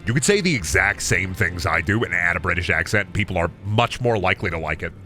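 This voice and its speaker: A man's voice: deep voice, expressive, fast talker, pushed and bright, soft background music. A man from Iowa streaming a video game, chatting casually in a goofy, jokey way and reading out chat messages. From Iowa, USA.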